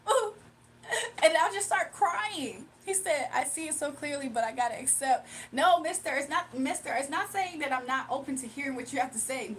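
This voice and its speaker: A high-pitched woman chats with her livestream viewers in a loose, animated way, laughing often as she talks. She sits a little back from the mic, and a faint hum of noise runs under her voice. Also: recorded from a distance, rough recording. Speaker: livestream host. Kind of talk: casual livestream chat.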